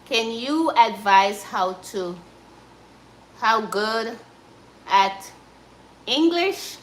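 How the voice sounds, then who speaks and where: Jamaican woman hosting a cooking live stream; encouraging, calls everyone guys; slightly high voice, echoey room. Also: animated, very slow, a little hiss or hum. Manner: chatty, encouraging, addresses viewers as guys. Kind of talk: casual live-stream chat while cooking.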